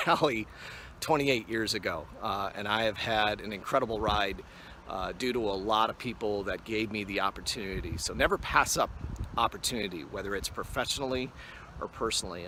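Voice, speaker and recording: A man in his fifties, a TV weather forecaster, giving a relaxed acceptance speech full of anecdotes, recorded on a phone on a selfie stick outdoors on a mountain. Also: lowish voice, a little hiss or hum. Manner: relaxed storyteller with frequent "uh". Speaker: award honoree, TV weather forecaster.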